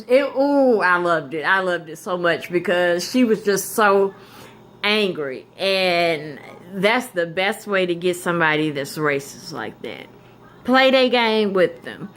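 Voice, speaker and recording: A woman's voice: mid-range voice, a bit bright. A woman vlogger telling a story in casual chat. She is blunt and emphatic, with profanity in her talk.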